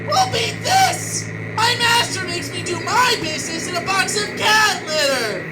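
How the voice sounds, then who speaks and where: A man squeaking out a whiny tearful cat. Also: very animated, unhurried, loud music behind the voice, full character voice. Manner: high, crying shout. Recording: distant mic with loud noise.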